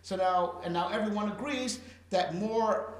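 A man's voice: sits high, measured pace, echoey room, a crowd in the background. A man teaching a casual Torah class, talking conversationally with Hebrew and Yiddish terms and frequent "right?" checks.

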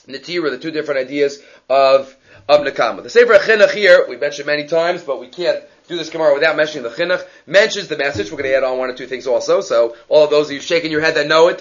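Animated man teaching a Talmud class. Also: high-pitched, muffled recording. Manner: animated, acts out quoted characters, mixes Hebrew quotations into English. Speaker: Torah teacher giving a daf yomi class. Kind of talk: Talmud lesson.

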